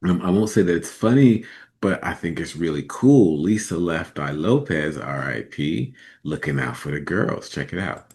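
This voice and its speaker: Deep-voiced laid-back male host. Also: expressive, moderate pace, darkish tone. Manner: laid-back, chuckling asides. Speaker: podcast host. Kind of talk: casual commentary.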